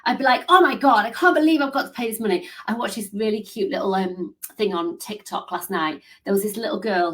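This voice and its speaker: A woman's voice: medium pitch, darkish tone. A woman leading a live coaching session, upbeat and encouraging, reading out comments. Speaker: business coach.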